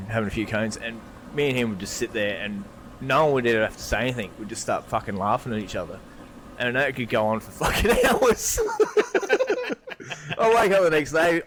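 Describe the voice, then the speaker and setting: A man's voice: mid-range voice, fairly bright tone, slight background noise. A man with an Australian accent telling drinking stories on a podcast, swearing often and laughing through them. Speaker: podcast co-host. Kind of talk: casual storytelling chat.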